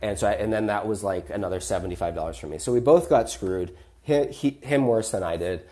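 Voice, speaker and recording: A man hosting a podcast who tells a personal story in a chatty, animated way, with frequent fillers and restarts. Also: lowish voice, a little fast. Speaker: podcast host.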